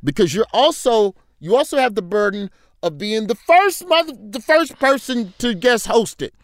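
A man hosting a talk interview, asking questions in a relaxed, slangy way. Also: sits high, moderate pace, no echo, clean studio sound. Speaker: host. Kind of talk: casual interview chat.

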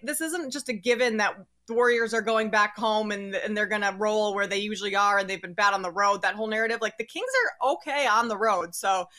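Female betting analyst guest, bright and punchy, self-mocking confidence. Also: medium pitch. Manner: confident, joking about herself. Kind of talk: casual sports betting chat.

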